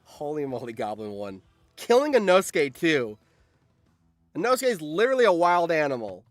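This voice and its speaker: A man streaming live, reacting excitedly and yelling in surprise on a close mic. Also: a little high, moderate pace, dry recording, faint music behind. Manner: excitable, yells in surprise, laughs often.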